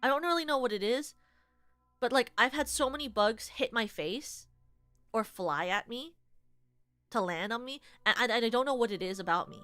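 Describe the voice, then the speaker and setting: A young woman streamer telling stories casually to her chat, animated, with lots of "like", shrieking when she relives the scary parts. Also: a little high, moderate pace, clear, resonant tone, no echo, faint music behind.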